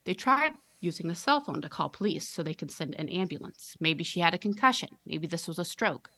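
A woman podcast host reading a listener's horror story aloud with dramatic, drawn-out storytelling on a close mic. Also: lowish voice, animated, bright, forceful tone.

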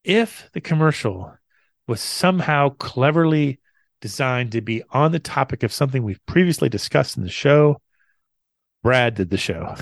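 A man's voice: mid-range voice, expressive, moderate pace, creaky, no echo, studio quality. A man co-hosting a podcast in casual chat, often stumbling and repeating words as he thinks. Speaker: podcast co-host.

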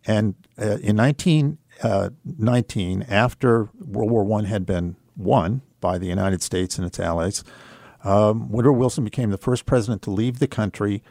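A man speaking as a guest on a radio show, telling a personal story in an earnest, reflective way, unhurried and with fillers. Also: fairly low pitch, darkish tone, no room sound, studio quality.

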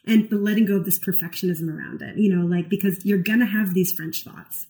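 A woman's voice: mid-range voice, steady tone, brisk, warm tone, poor audio. A woman who counsels clients, co-hosting a casual chat and explaining ideas animatedly, with many "like"s and "you know"s. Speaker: therapist and podcast co-host.

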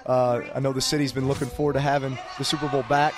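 A man's voice: medium pitch, little pitch movement, fast talker, music in the background. A man, a professional football player, answering earnestly in a casual interview on an outdoor set, with frequent fillers. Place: outdoor event stage set.

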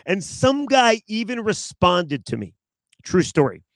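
A man's voice: sits high, big pitch swings, unhurried, no room sound. A man hosting a sports talk show, delivering a sarcastic, self-mocking monologue outdoors in his backyard and talking straight to his listeners. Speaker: sports radio host.

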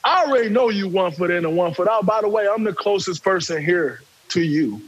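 A man, telling a story in casual talk, animated and profane, acting out quotes. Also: high voice, fairly quick, dull audio.

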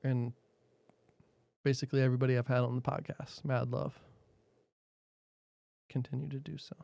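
A man's voice: mid-range voice, level tone, normal speed, vocal fry, warm tone, no echo, dull audio. Man, podcast host, blunt, profane, chuckling, dry recording. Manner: profane, blunt, laughs often. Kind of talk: casual interview answers.

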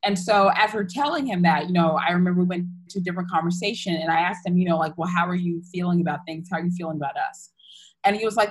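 A woman's voice: lowish voice, fast, husky, low-quality recording. A young woman candidly retelling a personal story in casual chat, full of fillers and restarts.

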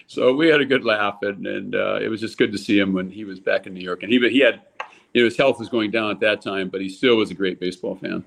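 Older Californian man telling lively stories. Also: fast talker, creaky. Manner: animated storyteller, acts out quotes with raised pitch. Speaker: guest, former baseball player. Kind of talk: storytelling in a casual interview.

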